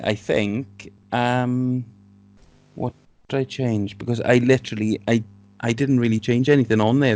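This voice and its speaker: A man's voice: lowish voice, smooth, no echo. Hesitant Welsh man on a podcast. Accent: South Welsh. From Wales. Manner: hesitant, rambling, laughs easily. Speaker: guest, robot builder. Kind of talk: casual podcast chat.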